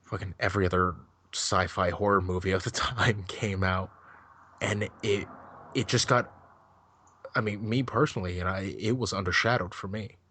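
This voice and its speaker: A man's voice: low-pitched, steady tone, normal speed, bright, forceful tone, slightly rough. A man chatting casually on a podcast, rambling loosely and swearing freely as he gives his take on a film. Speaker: podcast co-host. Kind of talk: casual chat.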